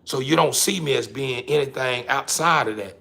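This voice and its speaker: A man hosting his own show, delivering a casual, emphatic monologue to the camera that he keeps repeating himself through, swinging between loud and quiet. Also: mid-range voice, normal speed, gravelly.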